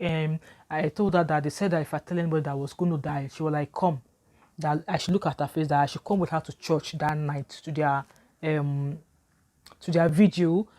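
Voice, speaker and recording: A woman's voice: deep voice, a little mellow. A woman with a Nigerian English accent, telling a storytime vlog in an emphatic, repetitive way. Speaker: vlogger.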